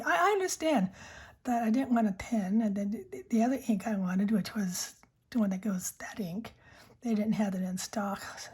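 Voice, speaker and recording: A woman vlogger shows off her fountain pens in casual show-and-tell, rambling with lots of fillers and self-corrections. Her voice is fairly high, animated, and a little mellow at a moderate pace. It's breathy and often drops to a whisper.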